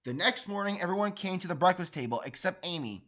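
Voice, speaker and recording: A man's voice: high-pitched, animated, quick pace, fairly bright tone, low-quality recording. A man reading a children's storybook aloud as a read-along host, enthusiastic, often stumbling over and repeating words.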